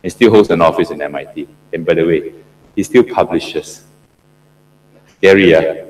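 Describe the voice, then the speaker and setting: A man's voice: low-pitched, moderate pace, a little mellow, recorded from a distance, a little hiss or hum. A middle-aged man from Singapore giving an interactive classroom lecture as a professor, often asking the audience questions and repeating himself for emphasis. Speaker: professor lecturing on PhD supervision. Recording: roomy lecture hall echo.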